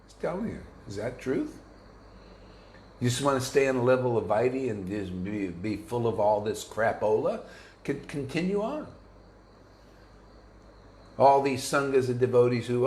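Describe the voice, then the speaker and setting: A man's voice: medium pitch, animated, normal speed, long pauses, echoey room. A man preaching an informal devotional sermon to his students, blunt and combative, full of slang and restarts. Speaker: spiritual teacher.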